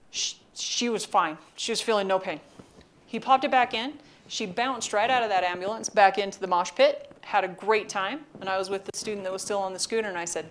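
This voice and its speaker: A woman giving a lecture, telling funny anecdotes with wry, deadpan asides. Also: medium pitch, a little fast. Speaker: university lecturer. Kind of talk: storytelling lecture.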